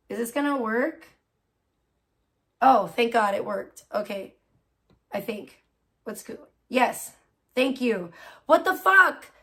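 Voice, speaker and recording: Woman livestream host, higher-pitched voice, emotional, swears at her computer, reads text aloud. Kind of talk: casual livestream chat, reading a petition aloud.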